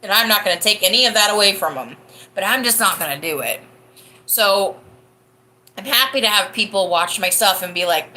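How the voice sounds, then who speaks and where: Bright-voiced chatty woman livestream host. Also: mid-range voice, fairly quick. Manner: chatty, rambling, laughs often. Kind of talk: casual chat reading live comments.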